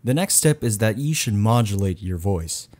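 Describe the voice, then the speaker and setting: A man giving a voice-over tutorial in a low, deliberate announcer style, recorded close on a condenser mic in a quiet room at home. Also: animated. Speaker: YouTube tech reviewer.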